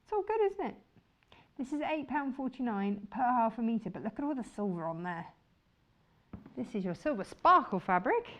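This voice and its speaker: A woman's voice: on the high side, sing-song, moderate pace, a bit bright, dull audio. A woman presenting fabrics on a shopping channel, chatty and enthusiastic. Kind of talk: chatty live sales presentation.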